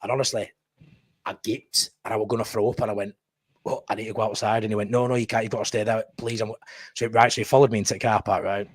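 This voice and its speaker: A man's voice: lowish voice, level tone, quick pace, breathy edge, no room sound. A man with a Yorkshire accent telling a long story in casual chat, blunt and swearing freely. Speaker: podcast co-host.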